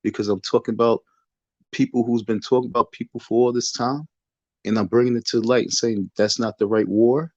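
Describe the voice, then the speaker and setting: A man's voice: mid-range voice, steady tone, a little fast, no room sound, lo-fi sound. A man hosting a livestream from his bedroom, talking into a phone in a defiant, repetitive, sermon-like way. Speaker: livestream host. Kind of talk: casual preachy livestream rant. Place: bedroom in the dark.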